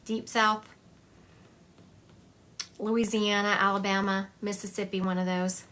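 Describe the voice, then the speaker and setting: A woman's voice: medium pitch, little pitch movement, a little slow, fairly bright tone. A woman giving a psychic medium reading on a live stream, talking in a chatty, confiding way and thinking aloud as she goes.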